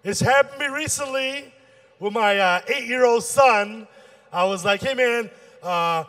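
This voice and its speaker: Animated high-voiced man doing stand-up. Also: moderate pace. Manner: animated storytelling, acting out dialogue with shifts in pitch. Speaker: stand-up comedian and emcee. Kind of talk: stand-up comedy set.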